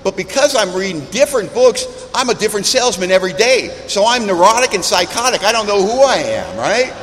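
A middle-aged man speaking at a recovery meeting, telling a personal story in an animated, self-mocking way. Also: sits high, brisk. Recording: reverberant hall, faint background noise.

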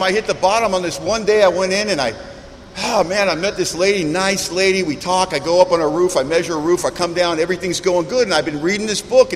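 Middle-aged guy sharing his story at a recovery meeting, high voice, laughs at himself, echoey hall w/ faint noise behind. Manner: animated, self-mocking storyteller. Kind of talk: personal storytelling talk.

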